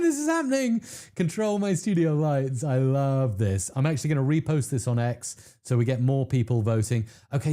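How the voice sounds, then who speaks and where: A man hosting a live stream, chatting to viewers with bursts of excitement and frequent laughter. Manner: excitable, laughs often, pitch jumps when thrilled. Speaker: livestream host.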